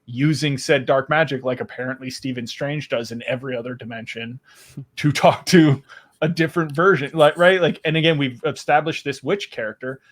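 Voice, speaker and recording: A man's voice: mid-range voice, moderate pace. A man co-hosting a podcast, talking in long, rambling stretches of analysis with casual swearing. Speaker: podcast co-host. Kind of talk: casual chat.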